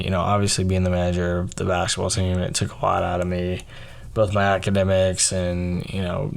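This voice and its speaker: A man's voice: deep voice, creaky. A young man telling a personal story on his podcast, rambling with lots of fillers. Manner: rambling, heavy on fillers like "like" and "you know". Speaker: podcast host. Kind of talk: casual storytelling.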